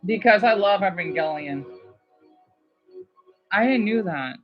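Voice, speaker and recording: A woman chatting casually to her viewers in an excitable way, often stumbling over words as she goes. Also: mid-range voice, a little slow, long pauses, highs cut off, soft background music. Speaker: vlogger.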